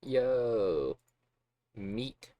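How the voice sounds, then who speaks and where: A man's voice: mid-range voice, lively intonation, drawn-out words, mellow, no echo. A man streaming a game, reading its text aloud and joking with crude, self-mocking asides. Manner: joking and profane, laughs at himself. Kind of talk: casual game livestream, reading and commenting.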